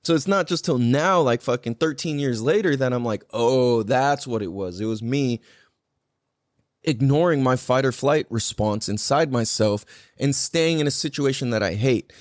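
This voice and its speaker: Here a man hosts a podcast at medium pitch and normal speed, drifting through casual chat full of profanity and "like" fillers. The recording is clean studio sound with no room ambience.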